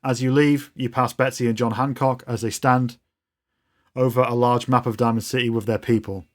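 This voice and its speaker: A man's voice: mid-range voice, fairly even intonation, moderate pace. A man narrating a tabletop role-playing game as game master, describing scenes in a loose, storytelling way.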